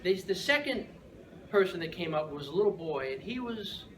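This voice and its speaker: A man's voice: high voice, lively intonation, moderate pace. A man giving a humorous storytelling speech at a speaking club, keeps checking in with "right?" and chuckles often. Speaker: Toastmasters speaker. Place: room with an audience. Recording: echoey room from far off, noisy.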